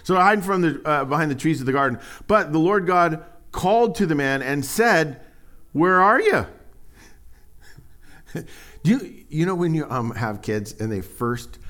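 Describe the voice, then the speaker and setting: A middle-aged man preaching a sermon, animated and joking, acting out voices as he tells stories. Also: a little high, moderate pace, few pauses. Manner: animated storytelling, acts out voices, jokes and sarcasm. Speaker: pastor.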